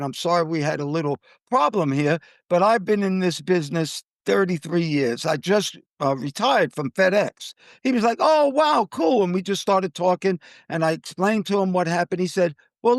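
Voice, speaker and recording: An older man telling a travel story in casual chat, animated, acting out the people he quotes. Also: normal speed, few pauses, no room sound, studio quality. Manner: animated, acts out quoted people with jumps in pitch.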